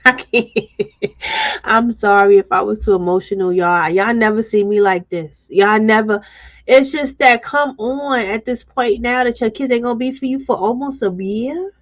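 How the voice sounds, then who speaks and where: Here a woman with a fairly high voice hosts a live stream at a moderate pace. She speaks with blunt emotion and reads comments from viewers out loud, all in dull, lo-fi stream sound.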